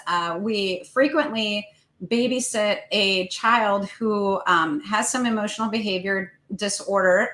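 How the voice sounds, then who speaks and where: A woman's voice: mid-range voice, sharp tone, rough recording. A woman co-hosting a parenting talk show, telling a babysitting story in an earnest, conversational way with frequent ums. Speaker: co-host, parent.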